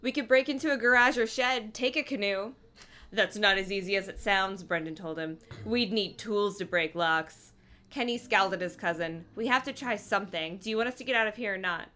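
Sarcastic woman reading aloud, bright voice. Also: medium pitch, brisk. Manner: sarcastic, swears, laughs often. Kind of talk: comedic book reading.

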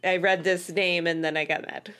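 A woman's voice: lowish voice, little pitch movement, normal speed, fairly bright tone. A woman co-hosting a podcast, chatting bluntly and swearing freely about a book. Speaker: podcast co-host. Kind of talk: casual book-reading podcast chat.

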